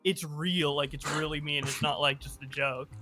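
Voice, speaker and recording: A man guesting on a video-call chat, laughing often and breaking into loud shouted impressions. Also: a little high, normal speed, faint music behind. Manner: laughing, animated, bursts into screaming impressions. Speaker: podcast guest.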